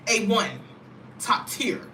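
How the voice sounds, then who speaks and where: Bright-voiced American woman vlogging. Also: medium pitch, slow pace, slight background noise. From United States. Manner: animated, talkative, frequent "you know what I mean". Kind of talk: casual chat to camera. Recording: roomy, mic at a distance.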